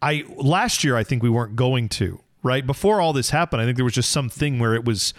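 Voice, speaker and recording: A man's voice: medium pitch, fairly quick, no room sound, clean studio sound. A man co-hosting a racing podcast in casual chat, bantering with mock outrage. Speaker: podcast co-host.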